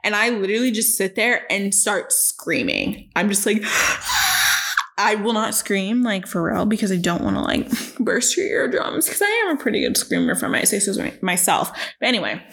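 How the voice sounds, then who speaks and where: A young woman hosts her own podcast and tells stories from her life in a loose, profane, self-mocking chat. She acts out the scenes by jumping up into high, exaggerated voices, then drops back to her everyday voice. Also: a little fast, gravelly. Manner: animated, jumps into high-pitched voices when acting out scenes. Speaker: podcast host. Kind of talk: casual solo podcast storytelling.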